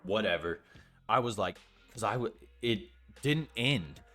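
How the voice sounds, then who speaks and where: A man's voice: medium pitch, expressive, a little slow, a bit bright, soft background music. A young man telling a story in a casual vlog, rambling with lots of fillers and swearing freely. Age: young adult. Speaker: storytime vlogger.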